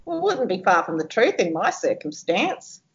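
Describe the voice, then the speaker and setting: A middle-aged woman, animated and exclamatory in a casual chat. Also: medium pitch, normal speed. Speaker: podcast co-host. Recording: dull lo-fi sound.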